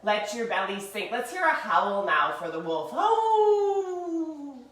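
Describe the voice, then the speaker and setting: Lively, animated woman teaching kids yoga. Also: mid-range voice, normal speed, distant mic. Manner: playful, encouraging, animated storytelling. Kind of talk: reading a picture book and guiding kids' yoga. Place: indoor room, filmed while doing poses. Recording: echoey room.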